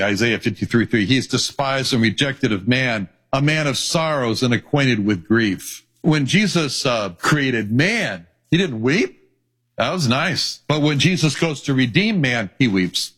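A man's voice: medium pitch, a bit bright, slightly rough. A male pastor preaching an earnest sermon, reading scripture aloud.

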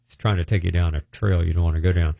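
Brief: middle-aged man, low voice, dry close sound, loose rambling testimony. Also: steady tone, quick pace, gravelly, dry recording, dull audio. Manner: loose, meandering, breaks off mid-sentence. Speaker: deliverance minister.

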